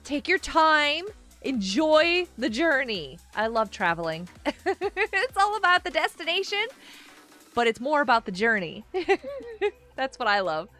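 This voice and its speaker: A woman hosting a casual gaming live stream, chatting with viewers in a bubbly, animated way with gasps and laughs. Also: high-pitched, a little slow, soft background music. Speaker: livestream host.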